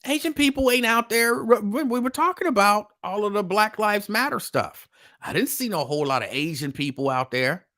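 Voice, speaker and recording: A man hosts a casual live stream. His voice sits a little high, and he hammers points home by repeating himself in plain, conversational speech. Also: expressive, normal speed, sharp tone. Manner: emphatic, repetitive, conversational. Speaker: host.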